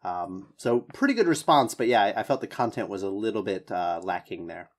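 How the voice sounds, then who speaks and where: A man's voice: on the low side, lively intonation, fairly quick, few pauses. A man teaching English, giving spoken feedback on a student's answer in an encouraging, hedging way with many fillers.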